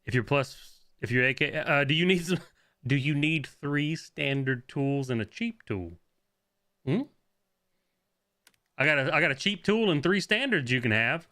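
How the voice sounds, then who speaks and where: A young man comments on his own gameplay with an excitable, swearing energy. His voice is bright and sharp, and it swings widely in pitch as he reacts. Gunfire crackles behind him. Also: unhurried, long pauses. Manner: excitable, swearing, laughing, answering chat. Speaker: game streamer.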